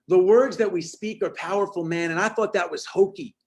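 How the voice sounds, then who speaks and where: Punchy motivational speaker, forties, high-pitched voice, lively storytelling on a call. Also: male voice, brisk, hardly any pauses. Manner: energetic, punchy storytelling with acted-out quotes. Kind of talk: storytelling talk on a video call.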